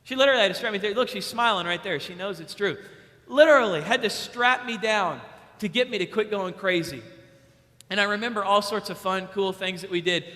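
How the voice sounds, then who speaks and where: Emphatic young preacher in a big hall. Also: male voice, high voice, brisk. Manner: emphatic, repeats key lines; acts out stories with bursts of loud excitement. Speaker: youth preacher. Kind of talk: sermon. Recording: long hall reverb.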